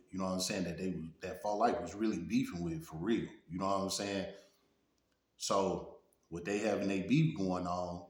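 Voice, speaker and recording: A man with a Detroit accent telling a street story in a relaxed, casual way, often asking "you know what I'm saying". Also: low-pitched. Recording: roomy echo.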